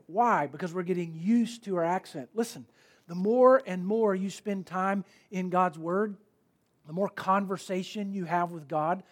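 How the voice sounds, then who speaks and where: Casting: male pastor, high-pitched voice, conversational emphatic sermon delivery. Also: darkish tone. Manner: conversational, emphatic preaching with repeated key words.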